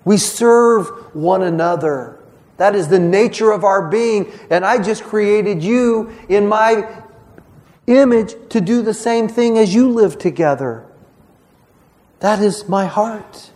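A man's voice: high voice, slow, darkish tone. A man preaching a sermon as pastor, conversational and earnest, often restarting phrases and voicing quoted speech.

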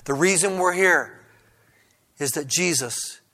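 A male pastor delivers a sermon in a bright, forceful voice pitched a little high. He often stumbles and restarts his phrases. At times he climbs into loud, fervent preaching. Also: slow. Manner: preaching with many restarts, rising to loud fervor.

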